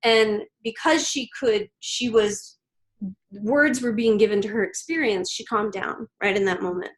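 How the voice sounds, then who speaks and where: A woman in her thirties talks as a podcast guest, earnest and gentle. She pauses often and circles back to her words as she reflects. Her voice sits at an ordinary middle pitch. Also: low-quality recording. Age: 30s. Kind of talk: reflective interview storytelling.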